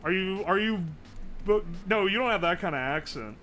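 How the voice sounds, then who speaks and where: A man's voice: sits high, lively intonation, moderate pace, fairly bright tone, a little hiss or hum. A man streaming live, chatting casually and profanely as he rambles and answers his chat.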